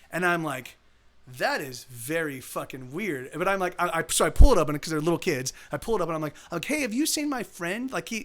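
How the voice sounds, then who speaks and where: Stream host, young man, high voice, rambling storyteller. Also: a bit bright. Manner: rambling storytelling with many restarts and acted quotes. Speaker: livestream host. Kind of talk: casual chat.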